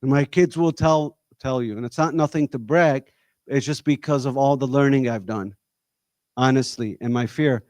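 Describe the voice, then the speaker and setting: A man's voice: medium pitch, normal speed, darkish tone, no echo. A man leads a community discussion. He speaks directly to a live audience, pressing them with rhetorical questions. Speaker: discussion leader.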